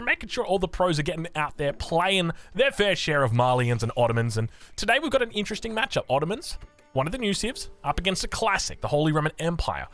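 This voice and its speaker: An Australian man commentates a real-time strategy match as the caster. His voice sits a little high for a man and swings up and down in lively fashion. He talks in a chatty, joking way, breaking down tactics as he goes. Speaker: esports caster. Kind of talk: live game commentary.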